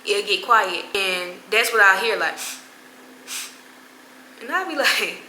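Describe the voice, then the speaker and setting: A woman's voice: mid-range voice, animated, takes it slowly, pushed and bright, echoey room, slight background noise, poor audio. A young woman telling a story to her viewers in casual, slangy chat, with laughing asides. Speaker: vlogger.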